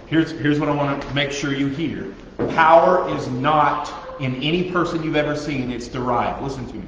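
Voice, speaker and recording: Animated man preaching in an echoey room. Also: a little high, background noise. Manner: joking, animated preaching with mocking prayer voices. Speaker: youth pastor. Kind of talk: sermon. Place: youth group meeting room. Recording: echoey dull room recording.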